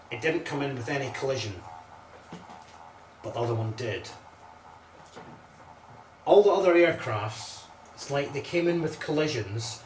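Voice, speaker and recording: A man acting as a medium on a ghost hunt, giving halting, searching readings and often repeating himself. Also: medium pitch, roomy sound, far from the mic, slight background noise. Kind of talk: psychic readings on a paranormal tour.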